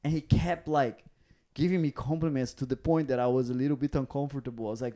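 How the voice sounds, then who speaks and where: Quick-paced and a little high in pitch, a man with a Brazilian accent co-hosts a podcast as a comedian. His casual storytelling is animated, with him acting out the voices of the people involved.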